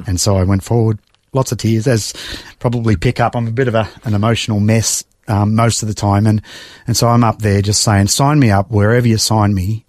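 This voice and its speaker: A middle-aged Australian man telling his life story in a conversation, emotional and reflective, pausing and sighing as he goes. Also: fairly low pitch, steady tone, a little mellow, dry recording. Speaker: guest. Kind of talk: personal testimony in conversation.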